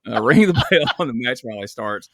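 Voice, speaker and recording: A podcast host, chatting casually and telling stories with laughs. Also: male voice, mid-range voice, very animated, fast talker, a bit bright, dry recording, clean studio sound. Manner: storytelling, laughs, swears casually. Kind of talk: casual chat.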